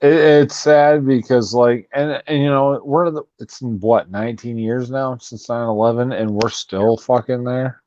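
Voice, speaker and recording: A man's voice: medium pitch, steady tone, measured pace, hardly any pauses, a little mellow, lo-fi sound. A man who is a podcast guest, chatting casually with loose phrasing and frequent chuckles. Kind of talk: casual chat.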